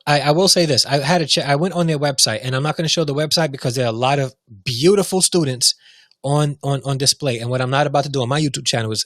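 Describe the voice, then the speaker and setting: A man's voice: medium pitch, a bit bright, no echo. Fired-up man ranting into a dry mic. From United States. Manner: heated, repetitive, restarts often. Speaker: show host. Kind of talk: impassioned commentary.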